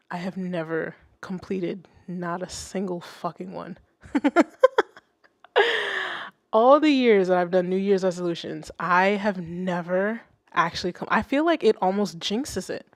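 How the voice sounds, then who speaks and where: A young adult woman, a music producer, hosting a casual livestream and chatting with viewers, swearing freely and swinging between loud outbursts and soft asides. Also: on the low side, no echo, clean studio sound. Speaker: music producer and stream host.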